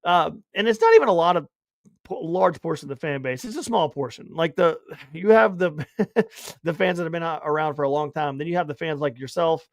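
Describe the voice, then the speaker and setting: A man with a high voice co-hosts a sports podcast in casual chat. He rambles along animatedly, breaking into loud bursts now and then, recorded dry and close. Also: animated, fairly quick, no echo. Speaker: podcast co-host.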